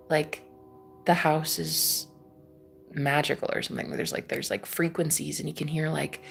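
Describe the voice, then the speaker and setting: A woman's voice: sits low, gravelly. A woman from Iowa chatting on a live stream, rambling with lots of fillers and repeats, swearing and laughing often. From Iowa, USA. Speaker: livestream host reading chat. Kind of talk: casual live-stream chat.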